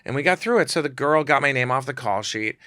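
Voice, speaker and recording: A man, a photographer guest on a podcast, telling stories in a casual, animated way and acting out quotes in shifting voices. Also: medium pitch, fast, no echo, clean studio sound. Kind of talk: casual storytelling.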